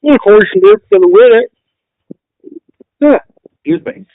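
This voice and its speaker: A man hosting a podcast with a somewhat high voice, rambling through casual chat and crude jokes, full of fillers. The sound is dry and close, with no room echo. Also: lively intonation, measured pace, narrow, tinny audio. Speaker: podcast host.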